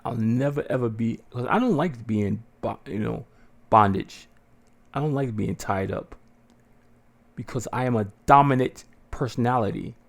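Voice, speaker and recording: A man in the middle of a casual story, cursing freely and getting animated as he goes. He stops and restarts now and then, and his voice climbs when he acts out what someone said. His pitch sits in the middle for a man. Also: normal speed, gravelly. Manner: profane, animated, acts out quotes in a raised voice. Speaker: podcast host.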